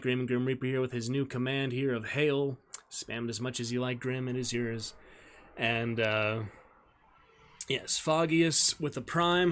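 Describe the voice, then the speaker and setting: A male streamer who greets his chat in an upbeat way and reads a story aloud in a steady narrating voice. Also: mid-range voice.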